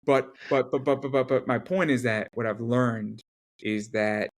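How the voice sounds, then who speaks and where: A man chatting as an interview guest in a mid-pitched voice. He talks emphatically and keeps restarting, repeating words in quick bursts. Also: fairly even intonation. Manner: rapid repetitive restarts, emphatic. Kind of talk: casual interview chat.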